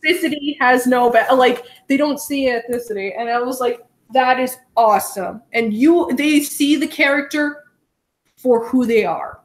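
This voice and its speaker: A young adult woman, a guest on a casual podcast chat, telling stories excitedly and laughing often. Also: sits high, moderate pace.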